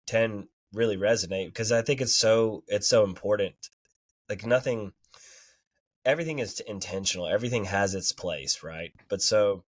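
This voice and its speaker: A man co-hosting a podcast, talking about an album in a relaxed way, laughing often and tagging his points with "you know" and "right". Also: fairly low pitch, dry recording. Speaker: podcast co-host. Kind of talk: casual music review chat.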